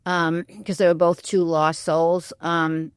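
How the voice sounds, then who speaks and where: A woman's voice: lowish voice, level tone, takes it slowly, clean tone, no room sound, studio quality. A woman historian speaking as a guest on a radio interview, thoughtful and candid, often weighing her views with "I think.". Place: radio studio.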